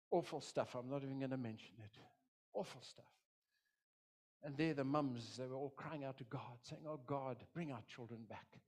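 A man's voice: mid-range voice, a little mellow. A middle-aged man preaching as a pastor, with an impassioned, repetitive delivery that swells and drops. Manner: impassioned, repetitive preaching with dramatic quoted voices. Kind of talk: sermon.

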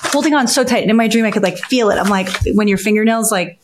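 A woman in her thirties co-hosting a podcast, telling a strange dream in a lively, casual way, swearing and laughing as she goes. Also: mid-range voice, fast, slight background noise. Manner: animated storyteller, swears freely, laughs while talking. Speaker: podcast co-host.

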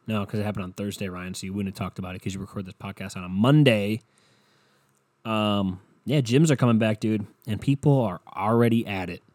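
Speaking a little fast in a darkish voice on the low side, a podcast co-host tells a meandering, self-mocking story, cursing constantly in casual talk. The clean studio sound has no echo.

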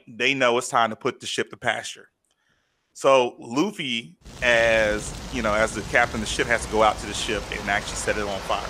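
A man's voice: medium pitch, bright, forceful tone. A man in casual podcast chat, animatedly retelling a story and acting out quotes. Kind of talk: casual chat recapping an anime.

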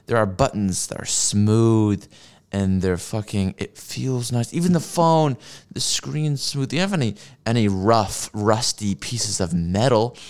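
Reacting to videos on a stream, a man delivers a profane, sarcastic rant and laughs at his own jokes, speaking into a desk streaming mic with a mixer. His voice is fairly low and a little mellow, and he doesn't hurry.

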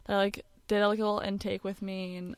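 A woman's voice: medium pitch, level tone, brisk, clear, resonant tone, no room sound. A young woman co-hosting a podcast, telling a personal story in a casual, candid way with lots of "like" fillers. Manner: chatty, frequent "like" fillers, candid. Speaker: podcast co-host.

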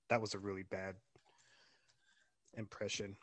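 A man's voice: lowish voice, animated, moderate pace. A man co-hosting a podcast in casual chat, playful and teasing. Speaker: podcast co-host.

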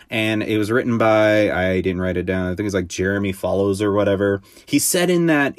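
A man's voice: on the low side, dry recording, clean studio sound. A man hosting his own podcast, talking casually and rambling with lots of fillers and offhand swearing. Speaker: podcast host. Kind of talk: casual solo podcast monologue.

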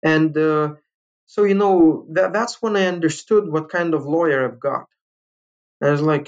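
A man from Lithuania telling a personal story, animated and full of restarts, acting out the people he quotes. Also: fairly high pitch, unhurried, dull audio. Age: adult father. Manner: animated, acts out quoted voices, frequent restarts. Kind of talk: personal story told to listeners.

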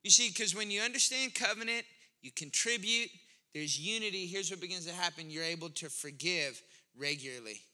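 A man preaching a sermon in a conversational, animated style, building to emphatic points. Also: high-pitched, a little fast. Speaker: pastor.

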